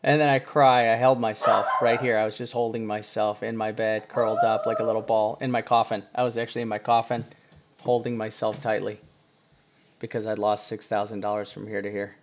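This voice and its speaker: A man hosting a trading live stream, talking casually over charts, chatty and self-mocking, with bursts of excitement. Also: on the low side, fairly quick, slight background noise.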